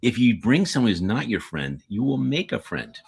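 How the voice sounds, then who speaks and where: A man co-hosting a podcast in casual chat, jokey and quick to laugh. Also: mid-range voice, big pitch swings, vocal fry, breathy edge. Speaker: podcast co-host.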